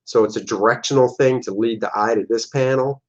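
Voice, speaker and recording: A man's voice: mid-range voice, a little fast, highs cut off. A man, a comic artist, casually talking through his own old artwork, joking and making silly sound effects. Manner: jokey, playful, makes silly sound effects.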